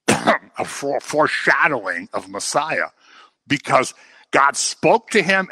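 Male pastor, bright voice, dry sound, playful animated sermon. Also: mid-range voice, no room sound. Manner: jokey, animated preaching with acted-out quotes.

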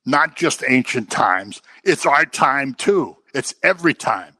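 Male pastor, bright voice, dry sound, playful animated sermon. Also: medium pitch, slow pace, breathy edge, no echo. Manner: jokey, animated preaching with acted-out quotes.

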